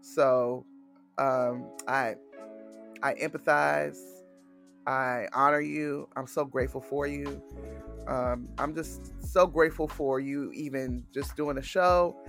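A man's voice: medium pitch, fairly even intonation, takes it slowly, vocal fry, a bit bright, soft background music. A man hosting a podcast in casual chat, earnest and affirming, often restarting his sentences. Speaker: podcast host.

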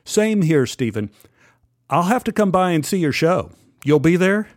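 A man's voice: on the high side, sing-song, measured pace, no room sound, studio quality, pitched above the performer's own voice. A man voicing a genial, amused older male TV executive who talks in a friendly, teasing way.

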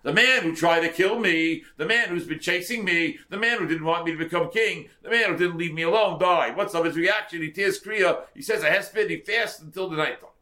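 Animated rabbi teaching a class. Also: male voice, sits high, brisk, few pauses. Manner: animated, repeats words for emphasis. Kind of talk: Torah lesson, translating verse by verse.

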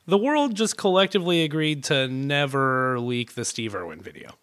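A man's voice: medium pitch, sing-song, normal speed, a bit bright. A man co-hosting a podcast in casual chat, joking and cursing, now and then putting on goofy voices. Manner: joking, profane, slips into goofy impressions. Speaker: podcast co-host.

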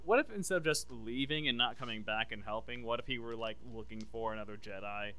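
A man with a bright, crisp, clear voice talks in a loose, rambling podcast chat. He is enthusiastic and pitches ideas as he goes. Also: fast talker. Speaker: podcast co-host. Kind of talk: casual chat.

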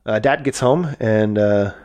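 A man's voice: on the low side, measured pace, darkish tone. A man co-hosting a podcast, chatting casually about a film with lots of fillers. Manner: rambling, with many fillers and acted-out quotes. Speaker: podcast co-host. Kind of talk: casual movie review chat.

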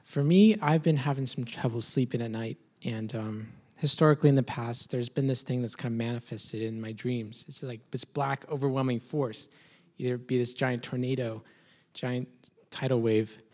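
A man's voice: medium pitch, fairly even intonation, moderate pace, darkish tone. A man reflectively sharing personal struggles with a church group, thoughtful and searching, with some hesitation.

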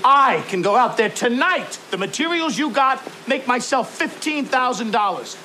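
A domineering sales boss who tears into his team with harsh contempt. His voice sits high and leaps around in pitch. Faint rain hisses in the background of the film audio. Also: expressive, moderate pace, pushed and bright, heavily acted. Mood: contemptuous. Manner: harsh, berating, swaggering. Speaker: film character. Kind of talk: film drama acting.

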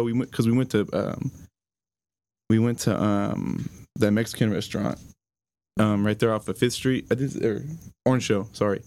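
A young man tells a personal story on a podcast. His voice sits fairly low, and his delivery is halting and casual, full of fillers and the odd curse. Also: mellow. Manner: halting, many fillers, swears. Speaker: podcast guest.

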